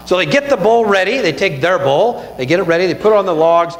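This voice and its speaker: A man preaching a sermon, retelling a Bible story with lively asides and questions to the room. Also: sits high, brisk. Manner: animated storytelling with asides like "right?". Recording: echoey hall with faint mains hum.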